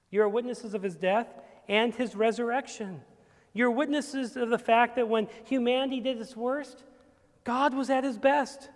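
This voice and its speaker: A pastor delivers his sermon with a high-pitched voice that swells from hushed to forceful. He preaches as if to a congregation. The church gives every word a long echoing tail. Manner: emphatic preaching that swells from quiet to loud. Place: church sanctuary.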